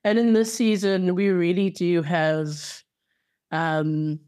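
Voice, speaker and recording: A woman with a somewhat low voice co-hosts a casual podcast. She talks about television with enthusiasm and playful, chatty asides. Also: takes it slowly, a little mellow, clean tone. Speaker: podcast co-host. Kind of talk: casual chat.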